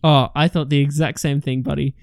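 A man co-hosting a casual film review podcast, animated, acting out lines from the film and swearing casually. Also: on the high side, fairly quick, creaky, clean tone, no echo, clean studio sound. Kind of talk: casual chat.

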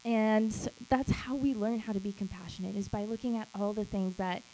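A woman's voice: mid-range voice, steady tone, moderate pace, dark tone, smooth, poor audio. A woman who leads a small group, giving an emphatic church teaching talk. She repeats key phrases and acts out quoted lines.

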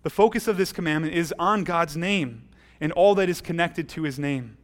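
A man's voice: fairly high pitch, normal speed. A man preaching a sermon as pastor, earnest, often restarting his phrases.

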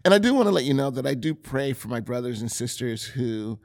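A man's voice: mid-range voice, big pitch swings, brisk, vocal fry. A male pastor with a Californian accent, hosting his church podcast in an earnest, conversational way with touches of self-deprecating humor. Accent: Californian English. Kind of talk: podcast intro talk.

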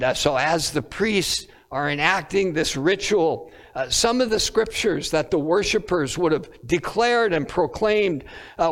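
A man preaching a sermon, pausing often on fillers and lifting his voice when quoting scripture. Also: fairly high pitch, long reverb tail. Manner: halting, many filler pauses, rising on quoted scripture.

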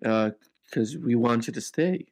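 A man voicing a shady, suspicious male turtle bartender who speaks with flat menace. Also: medium pitch, unhurried, dry recording. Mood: menacing.

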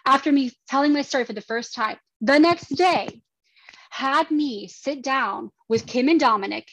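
A woman in her thirties, a podcast guest, giving personal testimony in an earnest, halting way. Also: high-pitched, fairly bright tone, a little hiss or hum. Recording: dry, slightly dull lo-fi sound.

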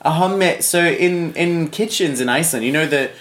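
A man's voice: on the high side, moderate pace, fairly bright tone. A man with an Australian accent co-hosting a casual comedy podcast, teasing and laughing often. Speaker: podcast co-host. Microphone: podcast microphone. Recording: echoey room with faint noise.

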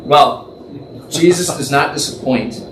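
A man teaches from the Bible conversationally in an unhurried, high-leaning voice, thinking aloud, imagining the scene, and correcting himself as he goes. The recording has an echoey room, a distant mic, and faint background noise.

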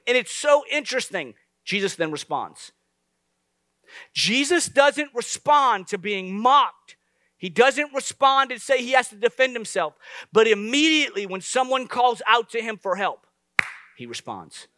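High, bright-voiced preaching man. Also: unhurried, no room sound. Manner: lively, conversational preaching with asides to the congregation. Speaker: pastor. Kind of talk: sermon.

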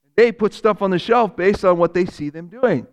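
A man voicing a calm, patient teacher who gives steady instructions. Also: high voice, moderate pace, natural voice. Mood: instructing. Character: a calm, patient male teacher guiding the will.

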